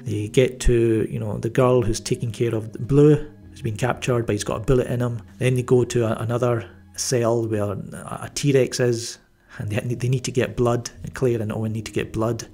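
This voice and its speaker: A man's voice: mid-range voice, fairly even intonation, moderate pace, hardly any pauses, dark tone, soft background music. A man giving a casual spoken movie review, rambling with many fillers and restarts and a wry, mildly sarcastic edge. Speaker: film reviewer.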